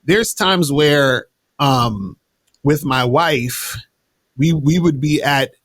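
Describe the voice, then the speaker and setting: A man's voice: on the high side, extremely slow, a bit bright, no room sound. A man telling dating stories in a laid-back, slangy way with many restarts, speaking as an interview guest. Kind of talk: casual interview talk.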